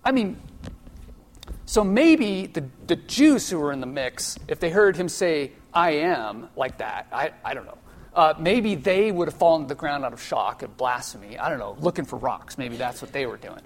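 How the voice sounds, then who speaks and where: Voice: mid-range voice, expressive, moderate pace. A Bible study teacher explaining a passage in an informal, conversational way, thinking aloud with asides. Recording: long reverb of a large hall.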